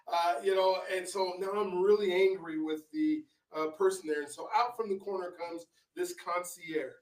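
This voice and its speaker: A man with a fairly high voice tells stories as an interview guest, rambling through fillers and restarts. He sounds well back from the mic. The room around him is echoey. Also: a little mellow. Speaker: author and guest. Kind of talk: casual interview storytelling. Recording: roomy, distant from the mic.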